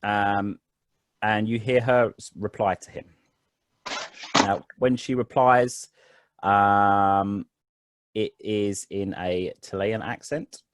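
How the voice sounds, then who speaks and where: A man's voice: on the low side, level tone, takes it slowly, long pauses, no room sound. A man narrating as game master of a tabletop game online, talking loosely with frequent ums and restarts. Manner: rambling, many fillers and restarts.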